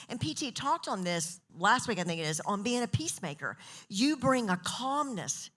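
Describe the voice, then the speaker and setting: A middle-aged woman giving a casual women's ministry talk, telling stories and acting out other people's voices. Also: moderate pace. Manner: animated, acts out quoted voices with big pitch jumps. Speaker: pastor's wife leading a women's talk. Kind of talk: casual sermon storytelling.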